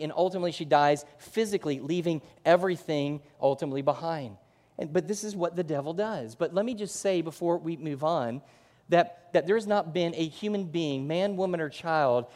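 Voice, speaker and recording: Guy preaching in a big echoey church, fairly high voice, acts out the quotes. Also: a little mellow. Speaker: pastor. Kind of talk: sermon. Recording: long hall reverb.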